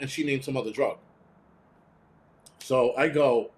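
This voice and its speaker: On a casual live stream, a man answers viewer comments bluntly, ranting and swearing freely. His voice sits at an ordinary middle pitch, and he drops into quick imitations of the people he describes, quoting them in their voices.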